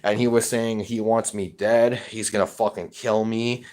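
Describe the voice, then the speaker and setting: Low-voiced man ranting and cursing. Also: little pitch movement, normal speed, darkish tone. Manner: rambling, heavily profane, agitated. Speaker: vlogger. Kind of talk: personal video update.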